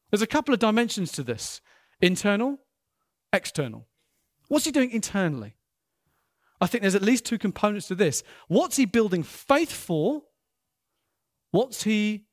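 A middle-aged man preaching a sermon as a pastor, conversational and full of rhetorical questions. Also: high-pitched.

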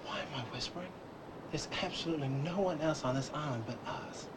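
A man playing a young male prankster searching in the dark, first whispering and then talking aloud, heard in a film clip. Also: a little fast, natural voice. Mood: uneasy. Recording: film clip over loud rumbling noise.

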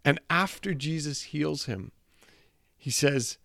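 A man preaching with earnest conviction, retelling a scripture story and circling back on his own phrases. His voice sits at an ordinary middle pitch. The sound is close and dry, with no room around it. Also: measured pace, dry recording. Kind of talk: sermon.

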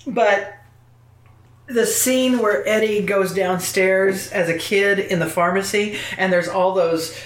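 A woman's voice: medium pitch, slow, roomy sound. A woman in a casual film chat, telling stories with acted-out reactions and frequent laughter. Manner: expressive storyteller, acts out reactions, laughs often.

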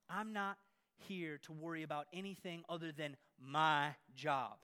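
A man preaching a sermon in an energetic, playful way, with sarcastic asides. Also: a little high, normal speed, clear, resonant tone.

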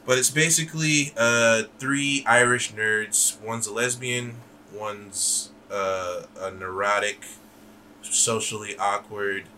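A man's voice: fairly low pitch, fairly even intonation, slow pace, bright, forceful tone, a little hiss or hum. A man co-hosting a podcast in loose casual chat, joking around, rambling and swearing freely. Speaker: podcast co-host.

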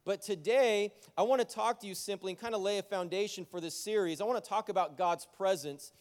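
A man preaching a sermon as pastor, joking and energetic, talking straight to his congregation. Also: sits high, fairly quick. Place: church sanctuary. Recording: long church hall reverb.

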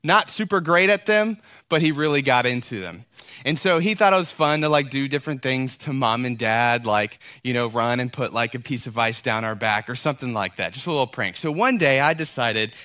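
A man in his thirties preaching a sermon, telling a family story with lively acted-out dialogue. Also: medium pitch, brisk, dry recording, clean studio sound. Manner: animated storyteller, acts out quoted dialogue. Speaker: pastor.

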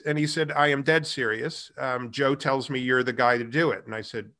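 A middle-aged man in a casual interview, telling his career story with lively acted-out dialogue. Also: medium pitch, moderate pace, hardly any pauses. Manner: animated storyteller, acts out quoted dialogue. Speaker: guest, music tech company founder.

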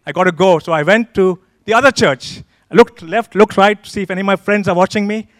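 A man's voice: sits high, a little fast, fairly bright tone, dry recording, studio quality. A male pastor at a church service, telling his own story as a sermon testimony and acting out his past thoughts. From Kenya.

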